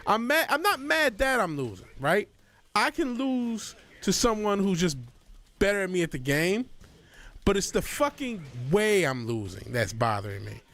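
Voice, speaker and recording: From his home studio, a man gives live gaming stream commentary while playing a video game, ranting with profanity. His pitch swings widely, dropping to low mutters and then jumping to sudden angry shouts at the game, all at a moderate pace.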